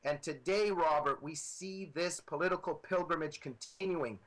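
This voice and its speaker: A man's voice: a little high, moderate pace, fairly bright tone, poor audio. A man appearing as a guest author, arguing with emphatic, repetitive political commentary over a computer microphone.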